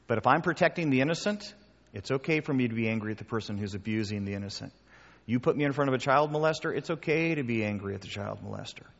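A man preaching a sermon and taking questions, animated and emphatic, acting out the voices he quotes. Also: mid-range voice. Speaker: pastor. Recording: dull sound with long hall reverb.

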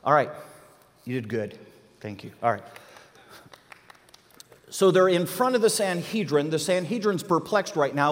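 A man with a fairly high voice teaches a Bible class, animated and full of questions for his listeners. The sound carries a long reverb, as in a large hall. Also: unhurried, pauses often.

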